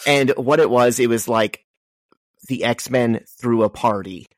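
A man co-hosting a casual podcast, relaxed and matter-of-fact. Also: mid-range voice, measured pace, no echo. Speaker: podcast co-host.

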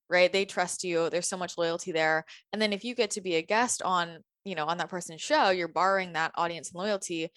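A woman's voice: lowish voice, a bit bright, dry recording, studio quality. A woman hosting a podcast, talking eagerly and conversationally before asking a long question. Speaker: podcast host. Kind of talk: casual interview chat.

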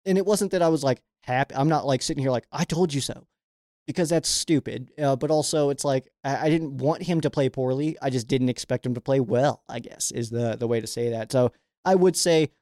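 A man's voice: medium pitch, a little mellow, no room sound, clean studio sound. A young man hosting a fan sports show, rambling casually through viewer questions and leaning heavily on "like". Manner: rambling, filler-heavy, with frequent "like".

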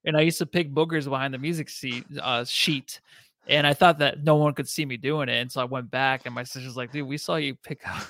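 A man's voice: medium pitch, fairly even intonation, brisk, a bit bright, no echo, studio quality. Easygoing man co-hosting a podcast. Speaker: podcast co-host. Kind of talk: casual chat.

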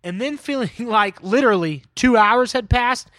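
Rambling high-voiced man on a podcast. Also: animated, normal speed, pushed and bright, dry recording. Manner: chatty, rambling, many likes and restarts. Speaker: podcast co-host. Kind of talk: casual movie-review chat.

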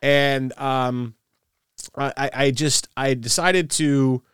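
A man's voice: mid-range voice, fairly even intonation, takes it slowly, fairly bright tone, clean tone, no echo, studio quality. A man co-hosting a podcast in casual chat, rambling and stumbling over repeated words as he gathers his thoughts. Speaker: podcast co-host.

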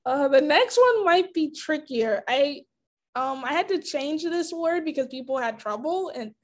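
Giggly high-voiced woman podcast host. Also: expressive, measured pace. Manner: giggly, laughs often between words. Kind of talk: casual interview chat.

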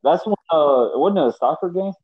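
A man hosting a podcast, chatting in a relaxed way with frequent chuckles and stumbling repeats. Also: a little high, moderate pace, breathy edge, no echo. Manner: laid-back, chuckling, repeats words. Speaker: podcast host. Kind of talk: casual chat. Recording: dull dry lo-fi mic.

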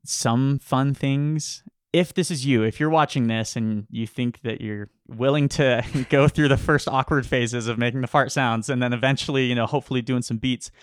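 A young adult man who is a beatboxing guest, chatting casually and explaining in a relaxed way with "you know" asides. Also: mid-range voice, normal speed, few pauses, clean tone, no room sound, studio quality. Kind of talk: casual chat.

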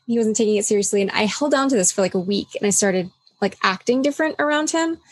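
She talks fast now, medium-pitched and expressive, with no echo around her. Candid and reflective in casual conversation, she peppers her speech with "like" and dramatizes the lines she quotes.

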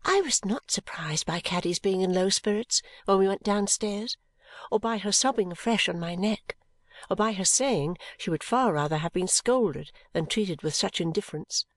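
A woman narrating a classic novel as an audiobook in a measured, even way. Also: medium pitch, no room sound. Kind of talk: scripted narration, reading a classic novel aloud.

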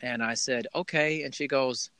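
Guy hosting a podcast, bright clear voice, dry close mic, chatty and heartfelt. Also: mid-range voice, fairly even intonation, normal speed, no room sound. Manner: warm storytelling, heartfelt, rambling with restarts. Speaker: podcast host. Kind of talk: casual conversational interview.

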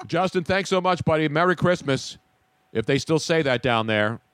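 Dry-voiced talk radio sports host. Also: male voice, fairly high pitch, lively intonation, moderate pace, fairly bright tone, smooth, no echo. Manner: chatty, joking banter with co-hosts.

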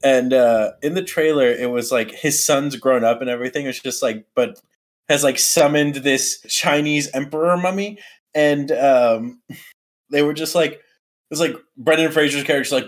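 A man's voice: medium pitch, normal speed. A man co-hosting a casual movie podcast, playful, laughing a lot and telling anecdotes. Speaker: podcast co-host.

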